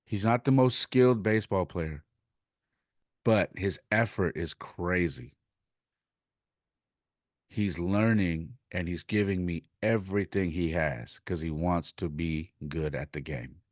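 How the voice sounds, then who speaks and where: A man's voice: deep voice, slow pace, dry recording, studio quality. A man hosting his podcast, animatedly telling a story from coaching youth baseball and retelling conversations in his own words.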